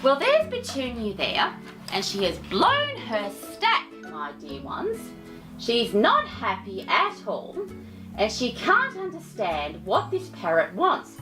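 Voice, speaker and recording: A woman's voice: fairly high pitch, wildly swooping pitch, slow pace, music in the background. A woman reading a children's picture book aloud as host, theatrical, with affectionate asides to her listeners.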